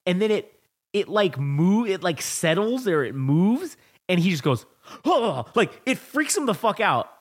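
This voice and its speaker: Animated, profane male podcast host. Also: high voice, moderate pace. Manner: animated, profane storytelling, acts out movie lines. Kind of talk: casual film-review chat.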